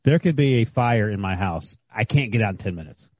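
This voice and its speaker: A man co-hosting a sports podcast, joking in a quick, wry way. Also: lowish voice, lively intonation, no room sound, dull audio. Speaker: podcast co-host. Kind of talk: casual sports podcast chat.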